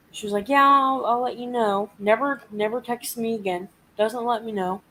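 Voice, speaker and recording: A woman's voice: on the high side, brisk, few pauses, a bit bright, slight background noise, rough recording. A woman hosting a casual live chat, venting and swearing as she animatedly retells a frustrating week. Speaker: live stream host.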